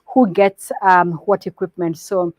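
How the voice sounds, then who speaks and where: A woman with a Kenyan accent giving a business presentation to partners. She switches between English and Swahili mid-sentence and speaks in a measured, instructive way. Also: lowish voice, little pitch movement, a little mellow, no room sound. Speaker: company presenter.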